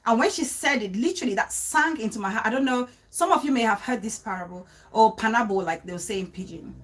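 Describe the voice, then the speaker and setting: A woman hosting a casual livestream, talking straight to her viewers, repeating her points and breaking off to greet people in the chat. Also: a little high. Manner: animated, repeats phrases, greets chat viewers mid-sentence, laughs easily. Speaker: livestream host. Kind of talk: casual live-stream talk to viewers.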